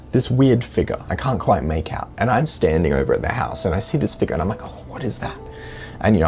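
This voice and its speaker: A man's voice: sits low, a little mellow. A young adult man casually telling a personal story to camera, reflective and full of "you know" fillers. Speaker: dating vlogger.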